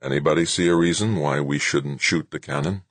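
A man voicing a calm male team leader who coaxes softly. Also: rumbling low, brisk, no echo. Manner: soft, cooing, half-whispered. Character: calm male project leader, coaxing and steady.

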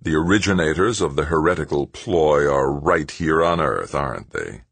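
A man's voice: rumbling low, animated, moderate pace, vocal fry, a bit bright, breathy edge, dry recording, heavily acted. A man voicing a cold, self-important hospital chief who accuses and lectures, in an audiobook. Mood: accusing. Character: stern hospital head, zealous male official.

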